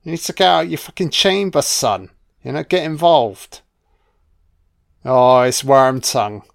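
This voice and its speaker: Chill guy talking over a movie, slow and smooth, swears a lot. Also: mid-range voice, expressive. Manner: laid-back, sweary, jokey. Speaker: film commentator. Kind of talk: casual audio commentary.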